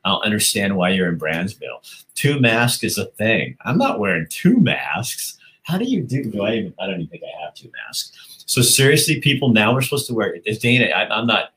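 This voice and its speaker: A man with a deep, low voice hosts a casual livestream. He reads comments aloud in a loose, chatty way and laughs easily between them. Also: bright, forceful tone. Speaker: livestream host reading viewer comments. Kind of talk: casual live-stream chat.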